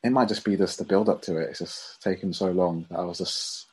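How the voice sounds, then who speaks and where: A man in casual conversation, easygoing and quick to laugh, explaining his view at length. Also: deep voice, fairly even intonation, darkish tone, breathy edge. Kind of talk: casual chat.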